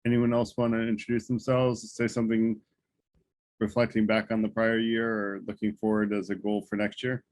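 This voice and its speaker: A man hosting a group video call, speaking in a relaxed way with many fillers. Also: lowish voice, normal speed, dry recording. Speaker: group host.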